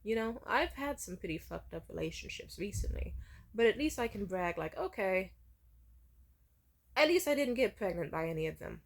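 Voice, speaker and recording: A woman's voice: medium pitch, very animated, moderate pace, creaky. Candid, swearing young woman storyteller. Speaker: vlogger. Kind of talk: storytime vlog.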